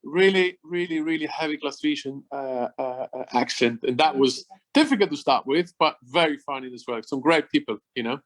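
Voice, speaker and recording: A man's voice: on the high side, normal speed, fairly bright tone. A middle-aged man, chatting as an interview guest, enthusiastic and repeating words as he goes. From Switzerland. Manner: enthusiastic, repeats words, non-native phrasing. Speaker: former footballer guest. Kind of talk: casual interview chat.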